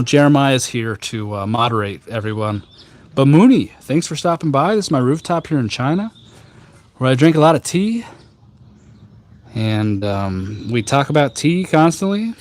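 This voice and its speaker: Joking man livestreaming from a rooftop. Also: mid-range voice. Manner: jokey, rambling, deadpan humor with many ums and uhs. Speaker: tea livestream host. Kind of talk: casual live-stream chat reading viewer comments. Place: outdoors on a rooftop garden.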